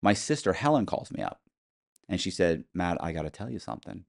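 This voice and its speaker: A man's voice: low-pitched, big pitch swings, fairly quick, creaky. A man as an interview guest, telling personal stories in a matter-of-fact, rambling way with frequent restarts. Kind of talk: casual storytelling interview.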